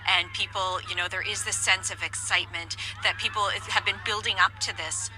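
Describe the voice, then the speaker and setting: A woman reporting live from the field, describing events in a hushed, anticipatory way. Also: medium pitch, fairly even intonation, fairly quick, soft background music, rough recording.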